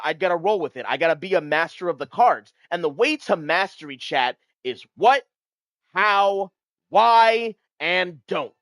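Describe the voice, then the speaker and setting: A man streaming, talking casually to his chat about card decks in a hyped, profane, animated way. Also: high-pitched, no room sound. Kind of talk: casual card-game commentary.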